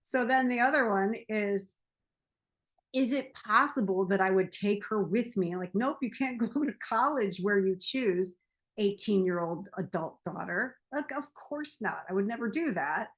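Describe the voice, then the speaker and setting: Woman, forties, self-help coach, chatty, laughs a lot, mid-pitched voice. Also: measured pace. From United States. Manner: chatty, laughs often, animated storytelling. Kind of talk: casual monologue.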